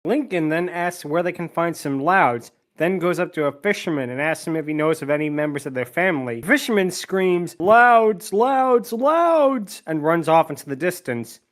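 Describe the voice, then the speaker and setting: A man hosting a podcast, recapping a movie's plot scene by scene with dry asides. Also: fairly high pitch. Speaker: podcast host recapping a film. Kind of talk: recap narration with jokes.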